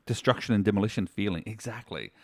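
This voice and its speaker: A man's voice: on the low side, fast talker, dry recording. A man, co-hosting a podcast in chatty, laughing banter that is full of restarts. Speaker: podcast co-host. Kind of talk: casual chat.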